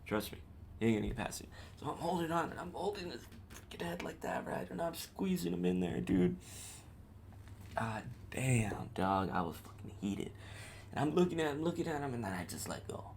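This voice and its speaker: A man's voice: fairly high pitch, fast, gravelly, a little hiss or hum. A man hosting a podcast, telling a personal story in a casual, profane, slangy way. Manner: profane, street slang, animated retelling. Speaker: podcast host.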